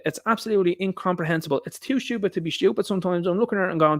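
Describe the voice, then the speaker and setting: Fast-talking, indignant Irish man. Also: high voice, no room sound, studio quality. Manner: indignant ranting with rhetorical questions. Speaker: live stream host. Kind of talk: opinionated political monologue.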